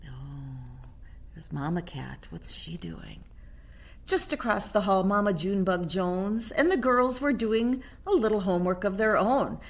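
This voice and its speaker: A woman reading a picture book aloud to a child on camera, animated, with chatty whispered asides. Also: mid-range voice, a little slow, slight background noise.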